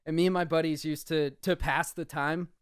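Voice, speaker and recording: A man's voice: a little high, fairly even intonation, moderate pace, clean tone, dry recording, studio quality. A man and podcast co-host telling a story in casual chat, jokey and swearing freely.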